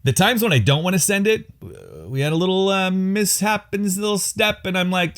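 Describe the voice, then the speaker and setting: A man's voice: high voice, moderate pace. A man vlogging casual, candid advice for husbands, often mocking himself. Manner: candid, self-mocking, animated. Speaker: vlogger giving marriage advice. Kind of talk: casual self-deprecating talk to camera.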